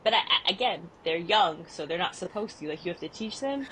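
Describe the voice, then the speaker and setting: Animated woman chatting on a podcast. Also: lowish voice, brisk, a little hiss or hum. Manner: animated, expressive storyteller who laughs often. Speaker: podcast co-host. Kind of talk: casual chat.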